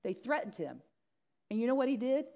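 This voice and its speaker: A woman's voice: fairly high pitch, sing-song, a little fast, warm tone. A middle-aged woman pastor preaching a sermon, acting out the story's voices with animation.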